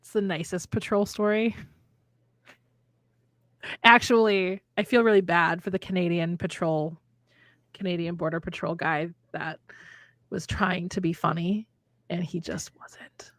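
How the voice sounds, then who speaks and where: A woman's voice: lowish voice, measured pace, pauses often, no echo. A woman from Minnesota, co-hosting a podcast and chatting casually, telling stories and acting out the quotes. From Minnesota, USA. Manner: animated storyteller, acts out quotes. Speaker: podcast co-host. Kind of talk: casual chat.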